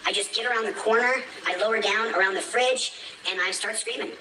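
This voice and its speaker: A man's voice: high-pitched, steady tone, normal speed, bright, forceful tone. A man telling a rambling story in an emphatic manner, repeating himself, heard from a played stream clip. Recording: echoey, distant, faint hiss.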